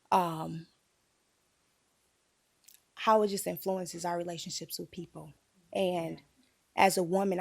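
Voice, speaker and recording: A woman's voice: on the low side, vocal fry, dry recording, clean studio sound. A woman telling a painful personal story in a candid group conversation, emotional and holding back tears.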